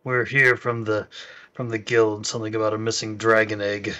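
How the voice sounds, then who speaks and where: A man playing his character in a tabletop game, talking in a measured, hesitant way with fillers. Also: fairly low pitch, flat delivery, pushed and bright. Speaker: player. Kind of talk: in-character tabletop role-play.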